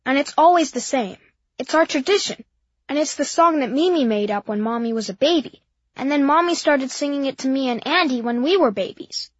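A woman's voice: high-pitched, lively intonation, fairly quick, dry recording. A woman reading a first-person children's story in a simple, earnest, childlike way. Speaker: audiobook narrator. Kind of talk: first-person storybook narration as a young boy. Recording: dull dry lo-fi.

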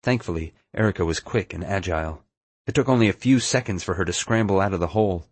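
A man reading a first-person adventure story aloud in a steady, measured way. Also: sits low, slightly rough, no room sound. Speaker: audiobook narrator. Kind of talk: scripted first-person narration.

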